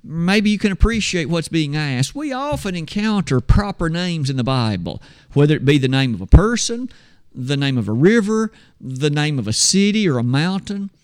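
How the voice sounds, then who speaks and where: Man, Bible teacher, slightly high voice, measured, explanatory lesson. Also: big pitch swings, clean tone. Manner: measured, explanatory, talks to listeners as "you and I". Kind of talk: classroom Bible lesson with slides.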